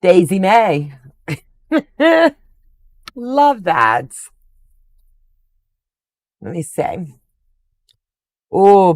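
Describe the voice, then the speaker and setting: A woman's voice: fairly low pitch, dry recording. An older woman hosting a quilting livestream, chatting casually and gushing affectionately over viewers' comments.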